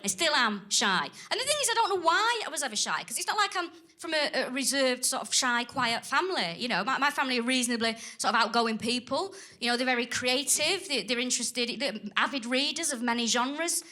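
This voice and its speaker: A woman doing a crude, acerbic stand-up set on a theatre stage, with deadpan asides. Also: high-pitched, fairly quick, few pauses. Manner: acerbic, crude, deadpan asides with lively put-on voices for others. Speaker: stand-up comedian. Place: theatre stage before a laughing audience. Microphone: stage microphone. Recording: live theatre with loud crowd laughter.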